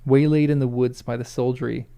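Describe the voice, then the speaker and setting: Guy reading as a proud young hobbit, gravelly, trips over words here and there. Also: mid-range voice, steady tone, a little fast, warm tone, close to an everyday voice. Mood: solemn. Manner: reads with stumbles and restarts.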